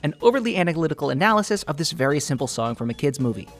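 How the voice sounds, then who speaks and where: A man's voice: fairly high pitch, big pitch swings, racing, soft background music. A man hosting a mock-serious theory video, analyzing with earnest, over-the-top seriousness while barely holding back laughter. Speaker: YouTube theory video host.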